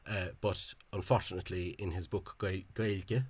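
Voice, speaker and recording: A man giving an informal spoken lecture over on-screen examples. He talks in a halting, hesitant way and is openly scornful of the official spelling. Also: deep voice, husky. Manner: hesitant and halting, with frequent pauses and restarts. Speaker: language enthusiast presenting a video lecture.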